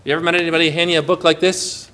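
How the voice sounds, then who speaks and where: A man preaching a sermon, lively and emphatic, asking the congregation questions. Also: fairly high pitch, rapid-fire.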